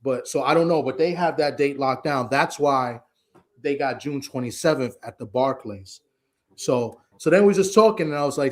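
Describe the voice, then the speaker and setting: A man talking on a casual live stream at a middle pitch. He tells stories in an animated way, stumbling over restarts and jumping up in pitch when he quotes someone else. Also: moderate pace. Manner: animated, retells conversations with many restarts. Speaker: co-host.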